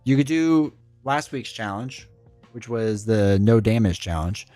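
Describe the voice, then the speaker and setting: A man's voice: fairly low pitch, animated, unhurried, warm tone, no echo, faint music behind. A man streaming live, chatting casually and answering his chat in a rambling way.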